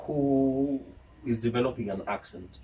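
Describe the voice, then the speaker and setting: A man with a Kenyan accent, a journalist guest chatting casually and telling animated stories, slipping between English and Swahili. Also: mid-range voice, unhurried, distant mic, highs cut off, slight background noise. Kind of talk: casual interview chat.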